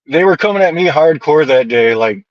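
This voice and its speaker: A man who is a guest on a casual podcast, telling stories in a blunt, profane, animated way. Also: on the high side, normal speed, muffled recording.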